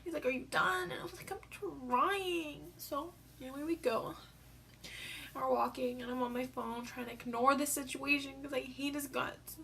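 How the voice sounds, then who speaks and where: A teenage girl chats into her camera in a loose, rambling vlog, full of fillers and restarts. She sounds a little teary, as if she has just been crying. Her voice sits a touch high, with a faint hiss of noise underneath. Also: fairly even intonation, fairly quick, creaky. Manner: rambling, filler-heavy storytelling. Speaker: vlogger. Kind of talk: casual vlog chat.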